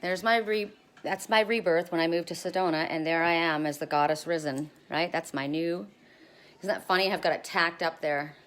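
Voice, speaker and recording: A middle-aged woman hosts an outdoor live stream, reading oracle cards and chatting to viewers in a rambling, friendly way. Her voice sits on the low side and is a bit bright, with fairly even intonation and a moderate pace. It's picked up by a phone camera.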